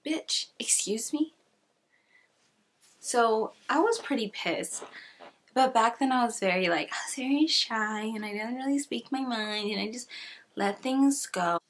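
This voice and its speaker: A young woman from California telling a casual storytime, chatty and sassy, full of "like" with soft whispered asides. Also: fairly high pitch, moderate pace. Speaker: YouTuber.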